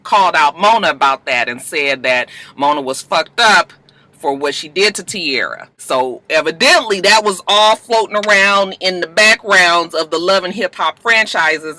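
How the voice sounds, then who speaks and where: Chatty, very bright woman vlogger. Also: on the low side, animated, moderate pace, no echo. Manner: chatty, profane, addresses viewers directly. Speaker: vlogger recapping a reality show. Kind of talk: casual chat.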